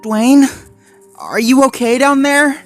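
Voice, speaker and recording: A man putting on a shivering young husky girl. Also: fairly high pitch, animated, a little slow, a little mellow, soft background music, voice pushed up. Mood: worried. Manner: shivering, worried. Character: young female husky pup, anxious and brave. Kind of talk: storybook reading.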